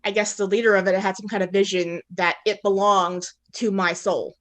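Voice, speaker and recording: A woman with a mid-pitched voice tells a story in a casual podcast chat. She hesitates and restarts often. Her tone stays matter-of-fact. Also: flat delivery, moderate pace, fairly bright tone.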